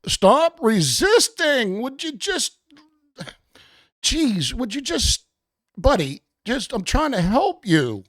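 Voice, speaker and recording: This profane gameplay commentary comes from a show host in a very animated, mid-range voice that takes things slowly, recorded with clean studio sound and no room sound. He narrates in a joking, mock-panicked way, cursing a lot, stammering and repeating, then shifts into a gruff, bossy cop persona.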